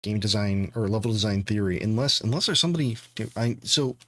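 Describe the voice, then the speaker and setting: A man's voice: lowish voice, fairly quick, a bit bright, no room sound. A man streaming game development, thinking aloud and rambling casually to his viewers. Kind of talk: casual live-stream chat.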